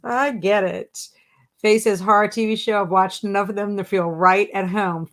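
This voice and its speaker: A woman's voice: medium pitch, fairly even intonation, normal speed, fairly bright tone. A young adult woman hosting a casual live stream at home, reading viewer comments aloud and answering them playfully, often laughing. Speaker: livestream host.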